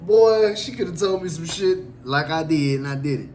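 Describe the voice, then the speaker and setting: A man telling a true story about himself in a casual, animated and profane way, acting out the other people in it. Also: a little high, brisk, hardly any pauses, a little hiss or hum.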